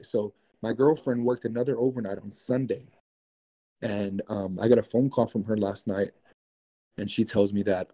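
A young man telling a spooky personal story in casual, animated speech, full of swearing and filler words. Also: on the low side, breathy edge, rough recording. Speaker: guest.

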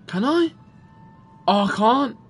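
A young British gaming streamer with a very high, expressive voice commentates a horror game, taking it slowly over faint background music. He swears a lot, cracks crude jokes, and jumps at the scares.

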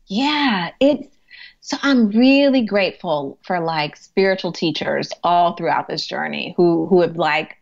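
A woman's voice: fairly low pitch, measured pace, vocal fry, highs cut off. A woman who works as a hospice chaplain and grief coach, telling stories in a podcast interview in a chatty way, laughing often and saying "like" a lot.

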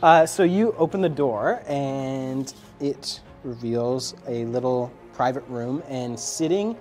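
A man's voice: medium pitch, slow, darkish tone. Guy gm narrating the game, laid-back, faint music under it. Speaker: game master.

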